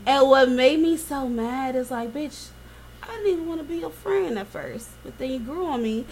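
A woman co-hosting a casual chat, telling stories in an animated, profane way. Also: sits high, normal speed, noisy background. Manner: animated storytelling, swearing freely.

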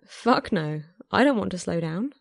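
A woman voicing a flirtatious, tattooed and pierced man who talks softly and playfully in a story reading. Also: mid-range voice, expressive, normal speed, gravelly, no echo, studio quality. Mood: teasing.

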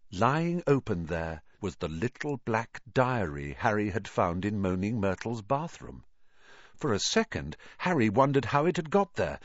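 A man's voice: on the low side, no echo, lo-fi sound. A man narrating a fantasy storybook expressively and dramatically. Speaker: audiobook reader.

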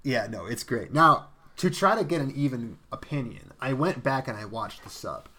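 A man's voice: medium pitch, expressive, moderate pace, sharp tone. A young man co-hosting an anime podcast, ranting sarcastically with plenty of swearing. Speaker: podcast co-host. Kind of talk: casual chat, anime review podcast.

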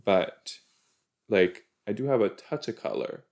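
Slow-talking man rambling through reactions. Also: on the low side, very animated, gravelly, a little mellow. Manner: chatty, rambling, exclaiming with frequent self-interruptions. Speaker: podcast host reacting to a TV episode. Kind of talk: casual reaction commentary.

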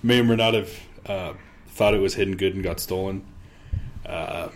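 A man co-hosting a podcast, telling hunting stories in casual chat and acting out quotes with an animated, delivery. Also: low voice, normal speed, slight background noise. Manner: animated storyteller, acts out quotes. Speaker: podcast co-host.

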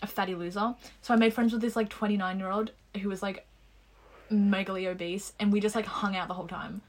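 A young woman co-hosting a podcast, telling stories excitedly and swearing casually. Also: medium pitch, brisk. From Australia. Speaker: podcast co-host. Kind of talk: casual chat.

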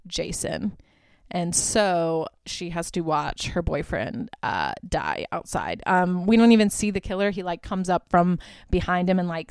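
A woman's voice: fairly low pitch, a little mellow, no room sound. A young woman hosting a podcast, casually retelling movie scenes with lots of fillers and the odd swear word. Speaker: podcast host. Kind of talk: casual movie review chat.

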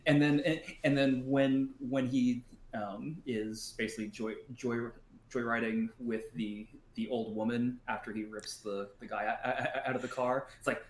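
Man, podcast co-host, casual chat, halting restarts, roomy sound, faint hum. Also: medium pitch, flat delivery. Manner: halting, many restarts and stumbles; swears freely, laughs often.

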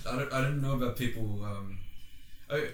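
A young man of middling pitch rambles through a casual podcast chat, leaning on fillers as he thinks. His voice rings in an echoey room. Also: normal speed. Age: young adult. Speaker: podcast co-host.

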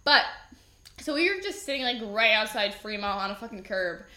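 A woman's voice: mid-range voice, lively intonation, normal speed, bright, forceful tone, echoey room. A young woman co-hosting a podcast, chatting casually, swearing now and then and chiming in with agreement. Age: young adult. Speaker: podcast co-host. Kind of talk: casual storytelling chat.

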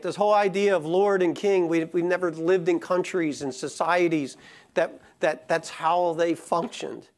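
A pastor preaching a sermon, somewhat high voice. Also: male voice, normal speed. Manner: conversational, rising to impassioned emphasis; many fillers and restarts in the calmer parts.

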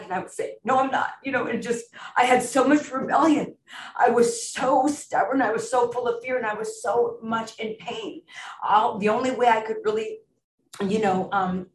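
A woman's voice: medium pitch, a little hiss or hum. A middle-aged woman giving a personal testimony at a support meeting, earnest and emotional, laughing often. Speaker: recovery meeting speaker. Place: meeting room. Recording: echoey room, recorded from far off.

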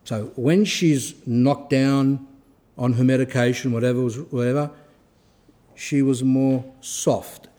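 Male speaker for an informal religious talk; warm, mellow, mid-pitched storyteller who acts out the dialogue. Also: steady tone, takes it slowly. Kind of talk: informal lecture with anecdotes.

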